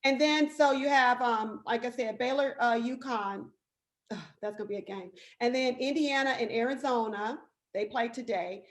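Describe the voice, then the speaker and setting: High-voiced chatty woman co-host. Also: normal speed. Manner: chatty and excitable, with frequent fillers. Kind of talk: casual chat about sports.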